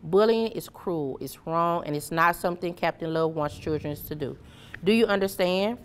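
Woman reading as Captain Love, gentle caped hero. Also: on the low side, normal speed, slight background noise, natural voice. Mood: reassuring. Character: kind caped male superhero, gentle and reassuring.

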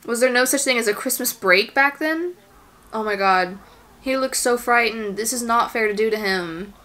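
A woman's voice: a little high, normal speed, sharp tone. A woman giving casual commentary as she reacts to a movie, exclaiming and gasping at the screen, anxious and near tears for the characters.

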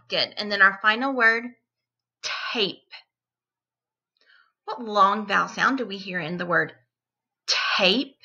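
A woman teacher giving a distance-learning phonics lesson to young children, repeating each word and sounding it out deliberately. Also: mid-range voice, sharp tone, dull audio.

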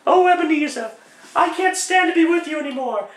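A man voicing a lovesick young sweetheart in a pleading, sugary falsetto. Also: lively intonation, brisk. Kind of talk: one-man comedic radio play. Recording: roomy echo, distant mic.

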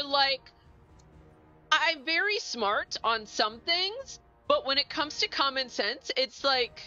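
A woman streaming a board game, chatting casually and mocking her own choices with rapid, animated questions. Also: sits high, lo-fi sound. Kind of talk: casual live-stream chat.

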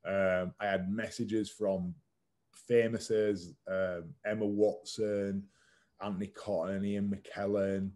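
A man's voice: on the low side, little pitch movement, slow pace, a little mellow. A man in his thirties, a podcast guest, telling his story frankly and casually, swearing now and then and using lots of "like" fillers. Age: 30s. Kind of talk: candid conversational storytelling.

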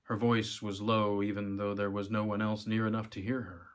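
A man's voice: lowish voice, flat delivery, normal speed, hardly any pauses, fairly bright tone. A man narrating a short story, reading with occasional small stumbles and giving the characters' lines a livelier delivery. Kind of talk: audiobook-style story reading.

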